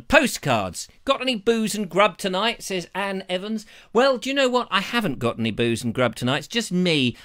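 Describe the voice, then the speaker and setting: Male host, bright high voice, jokey rambling chat on a lapel mic. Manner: playful, jokey, puts on silly voices. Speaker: live show host. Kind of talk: rambling live-stream chat. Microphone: lavalier.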